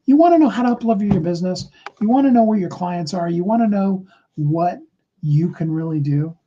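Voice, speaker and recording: A man's voice: high-pitched, a little fast, mellow, highs cut off. A man giving a motivational livestream talk, speaking earnestly and encouragingly to his viewers. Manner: earnest, encouraging, acts out short sample dialogues.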